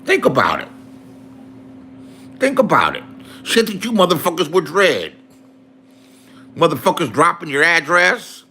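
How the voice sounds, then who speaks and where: A man's voice: a little high, wildly swooping pitch, measured pace, pauses often, pushed and bright, slight background noise. A man in a profane, angry rant to his viewers, repeating insults. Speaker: online streamer.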